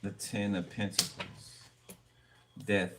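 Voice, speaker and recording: Male tarot reader, rambling and profane, distant mic with steady noise. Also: lowish voice, takes it slowly. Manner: rambling, blunt, swears freely. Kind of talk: casual tarot reading.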